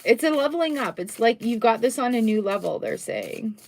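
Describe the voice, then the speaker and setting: A woman's voice: fairly high pitch, lively intonation, a little fast. A middle-aged woman doing a casual, chatty tarot reading on a live stream, full of upbeat exclamations. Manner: chatty, upbeat, exclamations and little sung bits.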